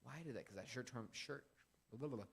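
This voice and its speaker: A young man in his twenties hosting a casual faith podcast, rambling and animated as he tells stories and acts out quotes. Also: mid-range voice, brisk, creaky, slightly rough. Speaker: podcast host.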